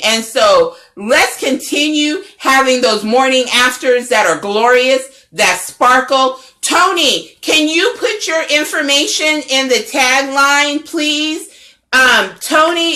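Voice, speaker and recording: A woman's voice: high voice, bright, forceful tone. A middle-aged woman, a network founder and coach, giving a fervent, preachy livestream pep talk that repeats its phrases. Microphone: phone or webcam livestream.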